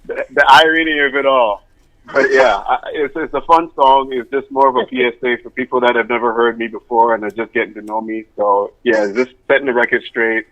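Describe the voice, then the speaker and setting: A man's voice: medium pitch, steady tone, fairly quick, fairly bright tone, dull audio. A man from Canada, a musician guest on a radio show, explaining things in an easygoing way. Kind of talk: casual radio interview.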